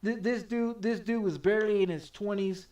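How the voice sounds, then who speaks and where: Man, game streamer, high-pitched, profane, heated, stammering repeats, slightly distant mic. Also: normal speed, a little mellow. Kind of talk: casual storytelling while streaming.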